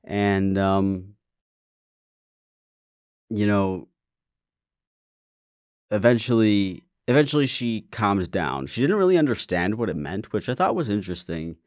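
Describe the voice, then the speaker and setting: Guy with a low voice telling a story, candid, swears a lot, trips over his words. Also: very animated, a little slow, pauses often, darkish tone, no room sound, clean studio sound. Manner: candid, swears freely, stammers and restarts. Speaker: podcast host. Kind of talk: casual storytelling.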